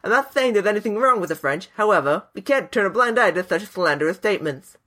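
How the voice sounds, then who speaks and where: A man's voice: sits high, lively intonation, fast, bright, forceful tone. Guy doing a hammy cockney bloke, puffed up and stern, voice jumps all over. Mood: mock-stern. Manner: mock-pompous, laughing through it. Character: blustery middle-aged English gent. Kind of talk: podcast banter.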